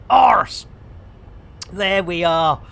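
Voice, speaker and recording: A woman's voice: mid-range voice, vocal fry, fairly bright tone, breathy edge. Cheeky, sweary English woman streaming a game. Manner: cheeky, sweary banter full of British slang and rhyming slang; chatty, talks to viewers and reads chat aloud. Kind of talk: casual live-stream commentary.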